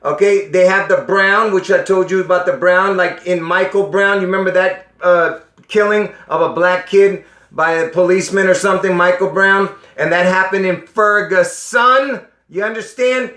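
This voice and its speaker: A man delivers a casual monologue to viewers in an echoey room, pressing them insistently and repeatedly asking if they understand. His high voice is steady and sharp, at a moderate pace, and it sounds strained, with coughs.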